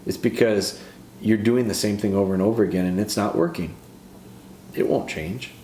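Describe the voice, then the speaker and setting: In a lowish, mellow voice at an ordinary pace, this casual podcast host walks through dog training, sincere and prone to repeating himself and starting sentences over. Behind him there's a faint hiss, and the room echoes.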